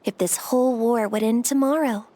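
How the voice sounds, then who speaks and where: A woman voicing a gentle young woman warrior haunted by fear, in earnest, soft-spoken game dialogue. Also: a little high, normal speed, a little hiss or hum, close to an everyday voice. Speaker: game character. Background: faint game music.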